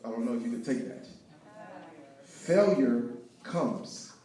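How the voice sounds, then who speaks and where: A man's voice: medium pitch, very fast. Guy preaching his life story to a crowd, big echoey hall, mic kinda far off. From Haiti. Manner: preachy, animated storytelling with shifts between loud and hushed. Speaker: guest speaker. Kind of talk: inspirational testimony talk. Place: event hall with live audience.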